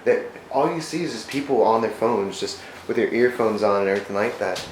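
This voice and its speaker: A fairly low-voiced man talks earnestly about faith in a casual vlog, rambling and often correcting himself mid-sentence. His voice rings in a roomy, echoey space, with a faint hum of ambience behind it. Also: fairly quick, few pauses. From United States. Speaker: vlogger. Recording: roomy echo.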